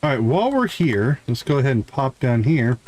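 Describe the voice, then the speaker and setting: A gaming streamer with a Midwestern American accent and a mid-range voice talks fairly quickly while playing a farming game live. Relaxed and chatty, he comments to his chat, though the recording is rough with a bit of hiss or hum.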